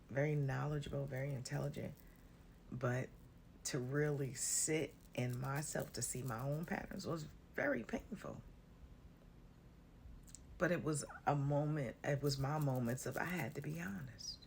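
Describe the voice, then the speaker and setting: A woman's voice: rumbling low, creaky, darkish tone, slight background noise. A woman giving a casual spiritual talk to her viewers, blunt and sassy, swearing freely and calling listeners honey and baby. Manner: drawls terms like honey and baby. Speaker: spiritual content creator.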